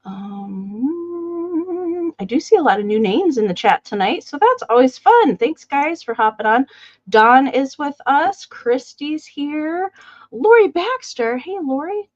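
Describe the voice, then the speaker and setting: Female live-sale host, chatty and upbeat, higher voice, muffled mic. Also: sing-song, slow, no room sound. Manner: chatty, greets viewers by name. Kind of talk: casual live-stream chat.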